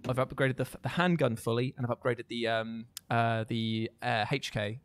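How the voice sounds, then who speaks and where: A woman's voice: extremely low pitch, fairly even intonation, moderate pace, dry recording. A young woman from Devon in England co-hosting a gaming livestream, telling rambling jokey stories and slipping into comic voices. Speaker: stream co-host. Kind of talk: casual chat while gaming.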